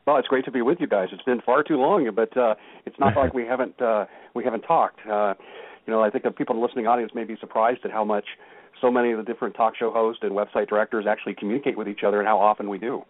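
A man's voice: on the low side, fairly even intonation, quick pace, no room sound. A man speaking as a guest on a call-in talk show, telling stories with emphasis. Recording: tinny phone line.

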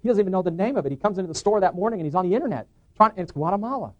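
A middle-aged man giving an animated testimony in church, acting out dialogue and restarting his sentences. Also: high-pitched, very fast, muffled recording. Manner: excited, acts out dialogue, frequent restarts. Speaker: guest speaker giving testimony.

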